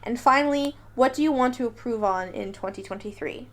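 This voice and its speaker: A woman hosting a casual personality quiz, playful and quick to laugh, reading options off a list. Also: on the high side. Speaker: host running a personality quiz. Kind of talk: casual chat.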